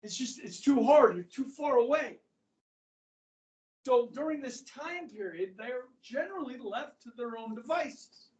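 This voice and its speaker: A man's voice: very high-pitched, animated, a little slow, distant mic. Chatty male history teacher in echoey classroom. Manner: chatty, checks in often with students. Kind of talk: classroom lecture.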